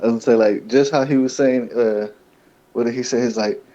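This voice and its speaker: A laid-back man jokes in a mocking tone. His voice is mellow and dark, and it comes through dull, lo-fi call audio. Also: medium pitch, steady tone, a little fast. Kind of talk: casual chat.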